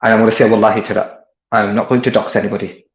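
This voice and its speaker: A man's voice: on the low side, level tone, very fast, highs cut off. A man, delivering a combative, taunting monologue aimed at an online rival. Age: 20s. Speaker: online commentator. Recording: roomy echo.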